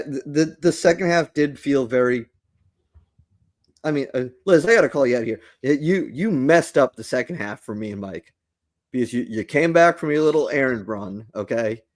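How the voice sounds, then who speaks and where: A man's voice: mid-range voice, animated, moderate pace, no echo, clean studio sound. A man co-hosting a sports podcast, bantering and breaking down the game in a joking, casual way. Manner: joking, self-promoting banter. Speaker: podcast co-host.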